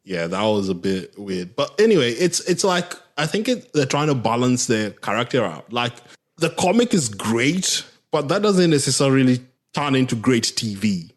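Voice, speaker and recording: A man's voice: mid-range voice, big pitch swings, moderate pace. A man co-hosting a podcast in casual chat, hesitant with restarts, rising when annoyed. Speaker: podcast co-host.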